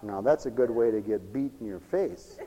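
A man preaching a lively sermon, animated and folksy, swinging between loud exclamations and hushed asides, with laughs between lines. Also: on the low side, normal speed, highs cut off. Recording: long hall reverb.

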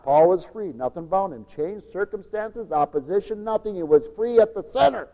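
A man preaching a radio sermon, animated, acting out the whining voices of children as he goes. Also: high voice, normal speed, few pauses, in a large hall, poor audio.

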